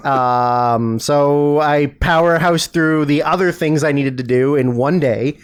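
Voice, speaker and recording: Male co-host, dry teasing humor, slightly higher pitch, relaxed chat. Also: slow pace, smooth. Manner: deadpan teasing. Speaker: podcast co-host. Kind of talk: casual chat.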